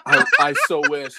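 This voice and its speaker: A man's voice: fairly high pitch, heavy background noise. A man co-hosting a podcast, telling an exasperated anecdote in casual chat. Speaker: podcast co-host.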